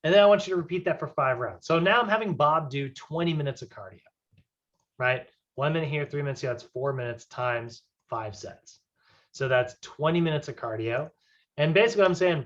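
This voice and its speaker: A man with a somewhat high voice lectures a fitness class in an easy, conversational way, often checking in with his students. The recording is dull and lo-fi, as if captured in a classroom. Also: normal speed, a bit bright. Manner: casual, conversational, frequent "right?" check-ins. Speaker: fitness instructor. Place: classroom with whiteboard.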